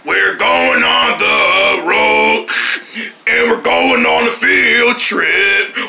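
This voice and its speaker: A woman playing out a silly toy road-trip scene, switching quickly between many character voices with shouts and squeals. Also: mid-range voice, wildly swooping pitch, creaky, heavy background noise. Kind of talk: playful toy role-play with many voices.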